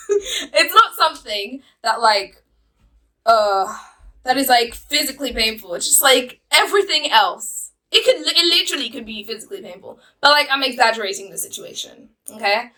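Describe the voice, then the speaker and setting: Young woman, vlogger, high voice, rambling casual chat, giggly. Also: huge pitch swings, moderate pace, bright, forceful tone, low-quality recording. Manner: giggly, rambling, chatty with many fillers. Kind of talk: casual storytelling to camera.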